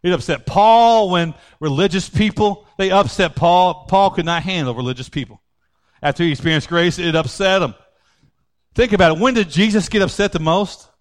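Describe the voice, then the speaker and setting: A middle-aged male pastor preaching a sermon, swinging from loud outbursts to low quiet asides. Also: moderate pace.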